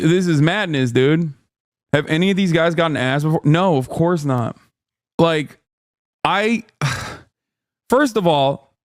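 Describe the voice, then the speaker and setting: A man in his thirties ranting on a livestream in a high, lively voice. He talks in a profane, mocking way and sometimes bursts into loud shouting impressions. The sound is close and dry, with no room around it. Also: no room sound. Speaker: streamer. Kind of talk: casual livestream rant.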